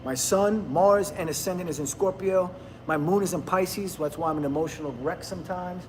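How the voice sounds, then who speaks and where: A man's voice: high voice, a little fast, a little hiss or hum. A man, rambling bluntly and laughing often in casual livestream chat with viewers. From New Jersey, USA. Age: 50s. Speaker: livestream host.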